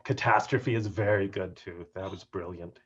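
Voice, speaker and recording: A man giving an upbeat, joking talk on workplace humor during a video call, with an animated and playful delivery. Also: low voice, moderate pace, slightly rough. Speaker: keynote speaker on workplace humor. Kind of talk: upbeat webinar talk with jokes. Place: home office on a video call. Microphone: video call mic. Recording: dull lo-fi video call audio.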